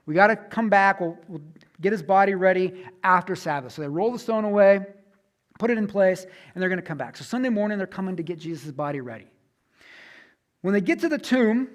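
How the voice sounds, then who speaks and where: A man in his thirties, a pastor, giving an earnest, conversational sermon with repeated phrases. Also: sits high.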